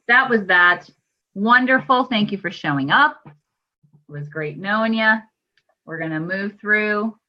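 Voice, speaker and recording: A woman host chats casually with a mid-range voice, sounding enthusiastic and spiritual. The recording is dull and lo-fi. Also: mid-range voice. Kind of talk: casual chat.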